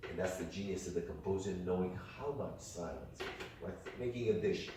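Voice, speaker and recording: A man's voice: sits low, moderate pace, recorded from a distance. A man teaching an ear training workshop, coaxing students and singing rhythms on "ta". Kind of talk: classroom music lesson. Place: workshop room. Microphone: distant room mic. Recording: echoey room, picked up from afar.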